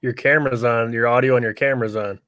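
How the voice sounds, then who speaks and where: A man's voice: mid-range voice, steady tone, fast talker, a bit bright. A man in a casual live-stream chat who jokes in easygoing banter.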